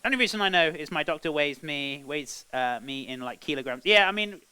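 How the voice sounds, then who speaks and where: A man's voice: a little high, lively intonation, brisk, sharp tone, clean tone, dry recording. A British man chatting casually on a cooking live stream, rambling between cooking tips and greeting viewers as "buddy". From Britain.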